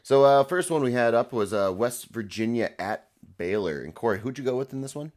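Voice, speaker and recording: A man's voice: medium pitch, lively intonation, a little fast, darkish tone. A man co-hosting a casual sports podcast, talking loosely with lots of "uh" as he recaps games. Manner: rambling, many fillers. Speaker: podcast co-host.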